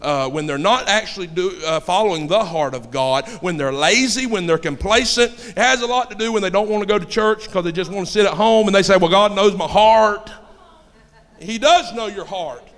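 A man preaching a sermon with folksy turns of phrase, swinging between shouting and hushed storytelling. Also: sits high, a little fast, few pauses. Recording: long hall reverb.

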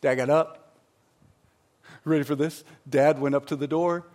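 A man preaching a sermon in a church, emphatic, moving between loud bursts and hushed stretches. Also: fairly high pitch, steady tone, unhurried, pauses often. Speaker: pastor.

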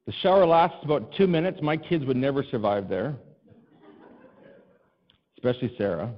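A man preaching a sermon as a pastor, telling stories from his own life with humor at his own expense. His voice sits at an ordinary middle pitch and climbs into exasperated pleas. The sound is slightly dull and carries a long hall reverb. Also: moderate pace. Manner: animated, self-deprecating, rising to exasperated cries. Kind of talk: storytelling sermon.

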